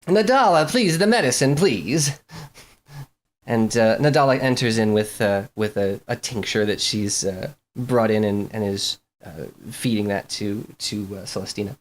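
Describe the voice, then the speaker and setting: A game master narrating a tabletop game in a halting way, full of restarts. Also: mid-range voice, fairly even intonation.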